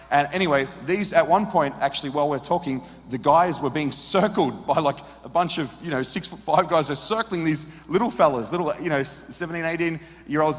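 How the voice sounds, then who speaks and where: A man preaching a sermon as a story, moving between hushed, quiet passages and loud, urgent peaks. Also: fairly high pitch. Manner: drops to hushed quiet in tender moments. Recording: long reverb of a large hall.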